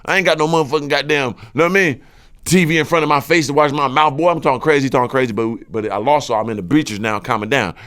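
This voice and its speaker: A man's voice: mid-range voice, fast talker, smooth. A man hosting a podcast, telling a story in casual slangy speech and acting out the quoted lines in a raised voice. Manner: animated, acts out quotes in raised voice; slangy, profane. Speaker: podcast host.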